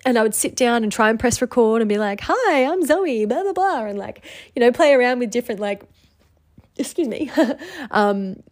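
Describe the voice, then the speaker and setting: A woman's voice: on the high side, normal speed. A young adult woman hosting her own solo podcast, speaking candidly and emotionally, with many laughs and fillers. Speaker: podcast host and business owner. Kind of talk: personal solo podcast monologue.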